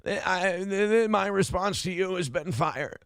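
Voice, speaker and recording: A man hosting a livestream show, giving loud, mocking commentary on news clips and reading from the chat. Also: high-pitched, a little slow, clear, resonant tone, dry recording, studio quality. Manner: loud, mocking, swings into shouted impressions. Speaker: show host.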